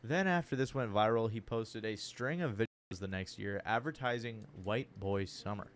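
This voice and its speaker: A man narrating a documentary-style video in scripted narration with a steady, wry delivery. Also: on the low side, normal speed, slight background noise. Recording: narration over background music.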